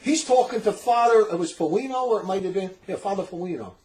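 A middle-aged man telling a story in casual chat, animated and laughing often as he acts out the people in it. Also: high-pitched, fast talker, low-quality recording. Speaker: storyteller in a religious talk recording.

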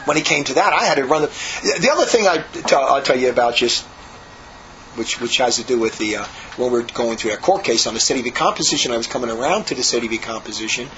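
A man's voice: mid-range voice, fast talker, a bit bright, muffled recording, slight background noise. A man, a monk, telling a rambling story in a casual way, with frequent repeats and restarts. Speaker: monk recounting monastery life.

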